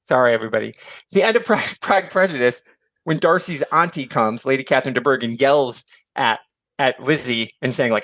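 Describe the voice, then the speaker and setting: A middle-aged man from Michigan chatting as a podcast guest, animated and filler-heavy, slipping into voices for quotes. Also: medium pitch, moderate pace, dry recording. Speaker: podcast guest, author and educator. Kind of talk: casual chat.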